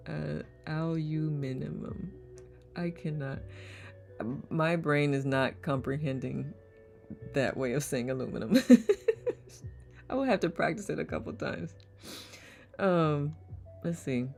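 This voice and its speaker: Woman host, low gravelly voice, playful live chat, faint music behind. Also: slow pace, long pauses, a little mellow. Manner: playful, laughs often, repeats words aloud. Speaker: host of online community circle. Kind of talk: casual live-stream chat reading comments.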